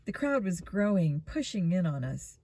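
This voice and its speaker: A woman reading a children's mystery book aloud in a steady storytelling manner. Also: lowish voice, moderate pace, no echo. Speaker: reader.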